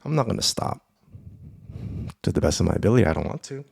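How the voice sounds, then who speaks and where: A man with a low, deep voice hosts a casual solo podcast, rambling and cursing with bursts of excitement. The sound is dry and close, with no room echo. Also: fast talker, vocal fry, husky. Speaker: podcast host.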